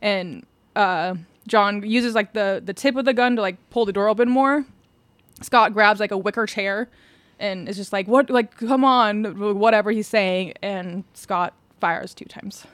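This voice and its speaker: A woman's voice: medium pitch, fairly even intonation, unhurried, dry recording. Chatty woman retelling a true crime. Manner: chatty, laughs often, swears casually. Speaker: podcast co-host. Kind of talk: casual true-crime chat.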